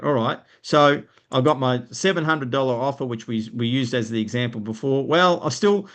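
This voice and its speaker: A man with an Australian accent teaching business owners in a live stream, energetic and explanatory, often checking in with "right?". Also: medium pitch, moderate pace, hardly any pauses.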